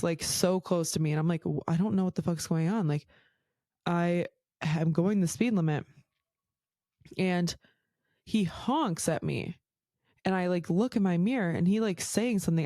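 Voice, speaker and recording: Her voice is lowish and darkish, recorded without room sound. As host of her own podcast, she chats through casual stories, peppering them with swearing and a constant stream of "like."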